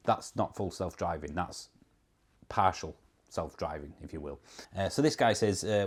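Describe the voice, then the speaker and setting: A man with a Yorkshire accent, talking on his own channel in a relaxed, chatty way. His voice sits a little low, and his replies are dry and mocking. He reads comments aloud and pokes fun at them. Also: normal speed, slightly rough. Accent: Yorkshire English. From Yorkshire, England. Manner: wry, sarcastic, reads out comments. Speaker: electric car reviewer. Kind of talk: casual vlog commentary.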